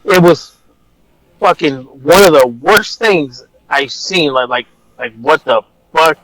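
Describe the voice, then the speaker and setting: A man's voice: on the high side, lively intonation, slow, fairly bright tone, no room sound, poor audio. A man, an officer, telling a personal story in a casual, rambling way, blunt and swearing at times. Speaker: officer guest.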